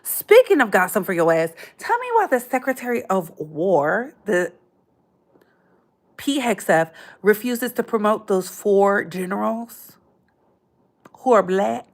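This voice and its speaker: A woman in her thirties hosting a casual livestream, chatty and animated, full of slang and calling viewers "baby". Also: medium pitch, unhurried. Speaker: livestream host.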